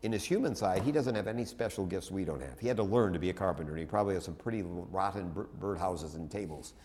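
Male lecturer, low voice, loose and conversational, prone to tangents and restarts. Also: animated, quick pace, darkish tone, slight background noise. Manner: conversational, digressive, with many restarts and asides. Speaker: teacher. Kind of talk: classroom lecture.

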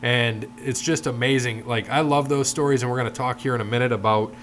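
Middle-aged male podcast host, mid-pitched, rambling and profane, faint background noise. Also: steady tone, fairly quick, a bit bright. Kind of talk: casual podcast chat.

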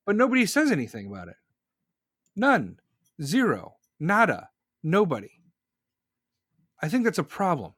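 A man's voice: sits high, huge pitch swings, normal speed, pauses often, fairly bright tone, no room sound, clean studio sound. A man hosting a podcast, delivering an angry, profane political rant. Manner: furious, profane, ranting. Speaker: podcast host.

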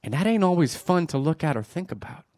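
A man's voice: fairly high pitch, expressive, quick pace, darkish tone, no echo, studio quality. A man in his forties preaching a chatty, conversational sermon to a congregation, full of self-deprecating jokes. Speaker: pastor. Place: church before a congregation.

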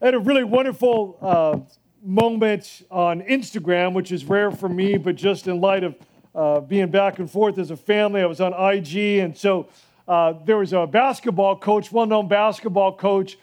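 Male pastor, high voice, chatty sermon delivery with lively storytelling and asides. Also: moderate pace. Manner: conversational, animated storytelling with asides.

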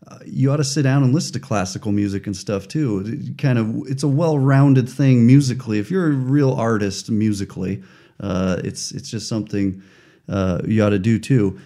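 A man's voice: lowish voice, normal speed, warm tone. A man interviewing a guest in a casual, chatty way, asking rambling questions.

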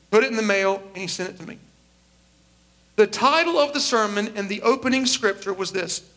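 A pastor in his forties preaches with a high, bright voice. He tells a personal story and lively acts out the voices of the people in it. His voice stays high and bright throughout. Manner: animated storyteller acting out quoted voices. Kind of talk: sermon storytelling.

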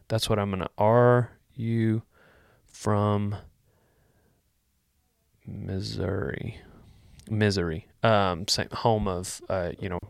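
A man hosting a vlog, answering viewer questions in a rambling, deadpan joking chat. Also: mid-range voice, no echo, studio quality. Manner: joking, deadpan, wandering asides.

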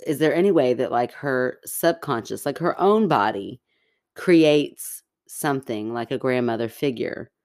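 A woman's voice: rumbling low, animated, unhurried, a little mellow. A woman co-hosting a podcast in casual chat, rambling with many "like" fillers. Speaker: podcast co-host.

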